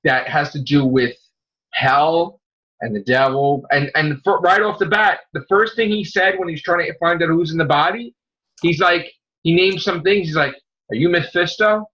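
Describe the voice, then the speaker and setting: A man hosting a casual podcast, rambling excitedly about comic books and swearing freely as he retells scenes. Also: fairly high pitch, normal speed. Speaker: podcast host. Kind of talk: casual comic book chat. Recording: dull lo-fi recording.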